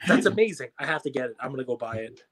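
A man co-hosting a podcast, chatting about sports in an excitable, jokey, rambling way. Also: medium pitch, rapid-fire. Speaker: podcast co-host. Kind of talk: casual sports chat.

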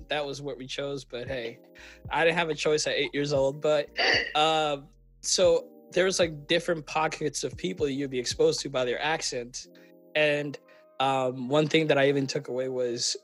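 A young man from Kenya hosts a podcast in casual conversation, slipping into quoted voices as he tells his stories. His voice sits fairly high, and soft music runs faintly underneath. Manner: animated storyteller, acts out quoted voices, frequent fillers. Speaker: podcast host. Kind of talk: casual chat.

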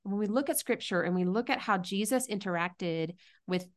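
A woman's voice: medium pitch, normal speed. A middle-aged woman speaking as a podcast guest, earnest and reflective, often restarting her sentences. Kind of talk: conversational interview.

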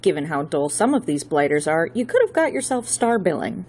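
A woman putting on a smooth-talking theatrical agent with a dry, wry wit. He talks briskly and drily in a low, breathy voice. It is an audiobook reading. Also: big pitch swings, a little mellow, exaggerated voice.

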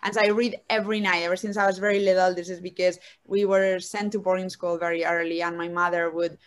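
A woman with a Spanish accent, a venture capital guest talking in a casual interview over a video call, animated and effusive. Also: on the low side, quick pace, clean tone. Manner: animated, effusive, acts out little dialogues. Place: calling in from home.

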